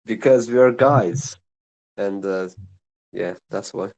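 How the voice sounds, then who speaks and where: A man chatting casually in a group voice chat, laid-back and quick to laugh. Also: fairly low pitch, gravelly, darkish tone, low-quality recording. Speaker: voice chat participant. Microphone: online voice chat mic.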